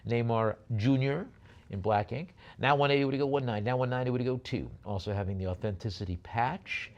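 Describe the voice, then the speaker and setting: A man's voice: medium pitch, brisk, dull audio. A man working as an auctioneer, calling out bids at a live auction and slipping in jokey asides between lots.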